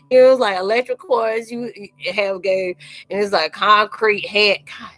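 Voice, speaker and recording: A woman hosting a live chat, telling casual stories in an animated, slangy way, often laughing and acting out quoted voices. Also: medium pitch, a little slow, faint music behind, low-quality recording.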